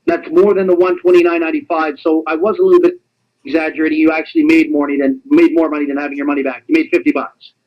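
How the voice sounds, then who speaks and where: A man presenting a sales pitch on a webinar, in an animated, teasing, repetitive salesman patter. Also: fast talker, dull audio.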